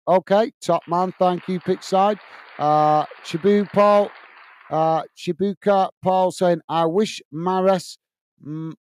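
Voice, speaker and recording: A fairly high, smooth and clean-toned man hosts a live football watch-along. He chats casually, reading viewer comments aloud and answering them with lots of filler sounds. The sound is close and dry. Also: no echo. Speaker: host.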